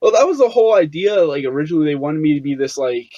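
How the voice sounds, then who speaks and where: A man's voice: on the high side, expressive, fast, hardly any pauses, warm tone, no room sound. A young man as an interview guest, telling stories casually, with many fillers and restarts. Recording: dull, lo-fi sound.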